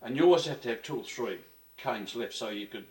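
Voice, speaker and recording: An older man from Australia, brisk and animated with a darkish, medium-pitched voice, tells rambling, earthy stories as a guest in a casual reminiscing interview. He restarts often and swears mildly, and the audio sounds roomy and distant.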